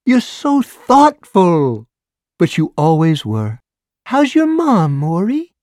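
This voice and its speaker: A man doing a shrill, gushing nosy old neighbor woman. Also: wildly swooping pitch, a little mellow, dry recording, clean studio sound, full character voice. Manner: shrill, gushing, drawn-out exclamations. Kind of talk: audiobook character voice.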